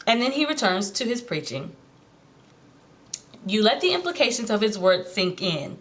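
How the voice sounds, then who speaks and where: A woman telling a devotional Bible story in the second person, playful and animated, acting out bits of dialogue. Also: mid-range voice, moderate pace. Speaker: devotional teacher.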